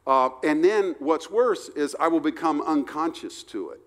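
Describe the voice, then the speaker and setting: Male pastor, fairly high voice, earnest sermon delivery, slow emphatic scripture reading, church hall with long reverb. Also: lively intonation. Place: church sanctuary.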